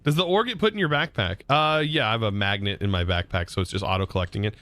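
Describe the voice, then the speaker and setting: A man's voice: lowish voice, quick pace, a bit bright. A man with a Southern US accent chatting casually on a live game stream, reading chat aloud and laughing often.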